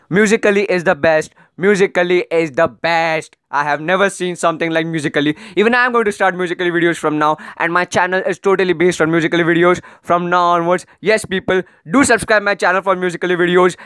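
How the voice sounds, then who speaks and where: A man's voice: sits high, steady tone, fast talker, hardly any pauses, a bit bright, clear, resonant tone, no echo, studio quality. A man doing comedic roast commentary on video clips, sarcastic and rambling, often pleading in exasperation.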